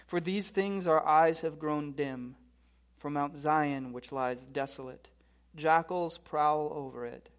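A man preaching a sermon, reading scripture and telling a story with lively humor. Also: a little high. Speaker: pastor.

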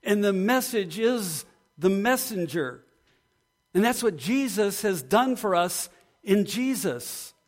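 A man preaching a sermon with an earnest, storytelling manner. His voice sits a little high for a man, and he takes his time, speaking slowly and deliberately. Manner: earnest, builds to excited storytelling. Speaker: pastor.

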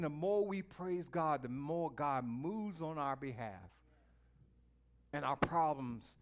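A man with a high voice delivers a sermon, talking straight to his listeners in a folksy, chatty way. He moves from quiet, thoughtful asides to loud, drawn-out calls to praise. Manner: swings from quiet musing to loud exhortation; folksy, speaks to the listeners directly. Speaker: preacher.

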